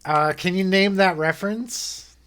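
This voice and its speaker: A man acting as game master for an online tabletop game, unhurried and rambling, often correcting himself. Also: sits high, a bit bright. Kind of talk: narrating a tabletop game over a call.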